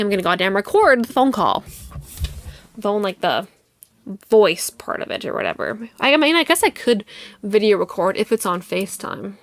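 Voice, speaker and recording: A woman's voice: medium pitch, fairly bright tone, no echo. Young adult woman, podcast host, casual storytelling, indignant and profane, mid-range voice, dry close mic. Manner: heated, profane, indignant retelling.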